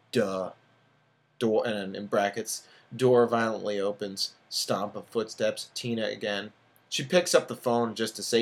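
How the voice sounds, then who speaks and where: A man's voice: on the low side, fairly bright tone. A man in his thirties, an author reading his own fiction aloud and breaking off for casual asides with fillers. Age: 30s.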